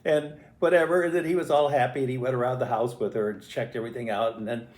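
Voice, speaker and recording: Older man telling a lively family story. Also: mid-range voice, fast talker. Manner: animated, acts out voices and sounds. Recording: roomy echo.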